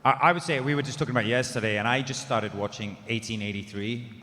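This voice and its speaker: A man's voice: medium pitch, fast talker, sharp tone, slight background noise. Chatty man, echoey convention hall. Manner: enthusiastic, chatty. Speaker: actor on a panel. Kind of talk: casual panel talk.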